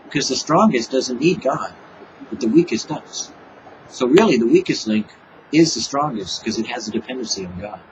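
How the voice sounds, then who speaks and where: A preacher delivers an informal devotional sermon in a medium-pitched, lively male voice at normal speed. He talks casually and acts out little back-and-forth dialogues with God. The audio is poor, with a slight hiss or hum.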